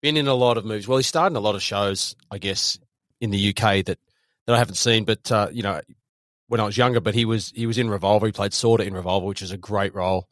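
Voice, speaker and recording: A man's voice: fairly low pitch, quick pace, fairly bright tone, dry recording, studio quality. A man co-hosting a podcast, running through actors' careers. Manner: reads off actor facts, steers the talk. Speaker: podcast co-host. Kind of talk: casual film review chat.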